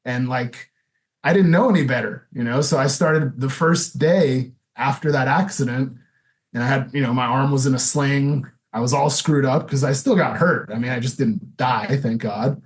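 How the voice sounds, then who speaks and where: A man's voice: medium pitch, moderate pace. Candid man in his thirties. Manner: candid, loose, full of fillers. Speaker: podcast guest. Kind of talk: casual interview storytelling.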